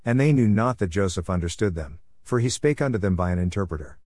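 A man reading scripture aloud in a steady, measured way, giving the archaic text an even delivery. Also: deep voice, dry recording, studio quality. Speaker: scripture reader.

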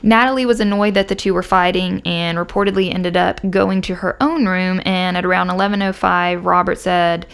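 A woman's voice: lowish voice, steady tone, moderate pace, gravelly, few pauses, a bit bright, clear, resonant tone. A woman co-hosting a casual true crime podcast, reading out case details and breaking off into sarcastic jokes. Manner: reads case notes then jokes and riffs sarcastically. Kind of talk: casual conversational storytelling.

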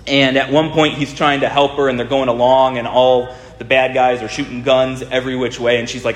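A man preaching a sermon in a storytelling manner, speeding up and slowing right down for emphasis. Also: mid-range voice, little pitch movement. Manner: storytelling, shifting between fast and drawn-out. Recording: echoey hall with long reverb.

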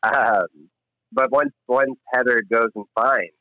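A man's voice: mid-range voice, sing-song, slow, creaky, sharp tone, dry recording, dull audio. A laid-back man co-hosting a podcast, chatting crudely about a movie. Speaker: podcast co-host. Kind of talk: casual movie-review chat.

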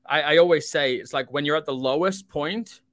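A man's voice: a little high, moderate pace, a bit bright, no room sound. A man hosting a podcast interview, asking questions and chiming in eagerly with agreement. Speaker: podcast host. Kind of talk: casual interview talk.

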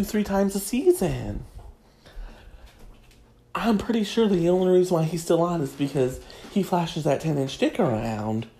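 A woman's voice: on the low side, mellow, a little hiss or hum. A woman host giving a crude comedic monologue, snarky and gossipy.

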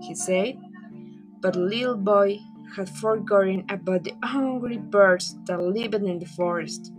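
A woman with Spanish as her first language reads a fairy tale aloud slowly and carefully. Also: medium pitch, music in the background. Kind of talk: reading a story aloud.

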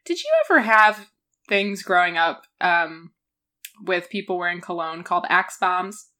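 A woman's voice: on the low side, unhurried, pushed and bright. A young woman co-hosting a podcast, chatting casually and reminiscing with frequent laughs. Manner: giggly, reminiscing. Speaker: podcast co-host. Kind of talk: casual chat.

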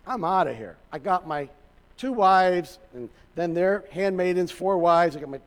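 A preacher doing a blunt, fed-up husband. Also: male voice, high-pitched, animated, normal speed. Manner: blunt, offhand. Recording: reverberant hall.

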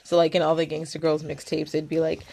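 An American woman co-hosting a podcast, chatting in a relaxed way with lots of "like.". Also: deep voice, fast talker, creaky. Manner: relaxed and chatty, with many "like" fillers. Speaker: podcast co-host. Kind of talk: casual chat.

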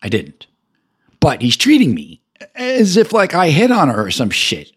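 A middle-aged man hosting a podcast, ranting heatedly and profanely, stumbling and repeating himself as he swings between loud outbursts and low mutters. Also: wildly swooping pitch, unhurried, slightly rough. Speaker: podcast host. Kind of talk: angry personal rant.

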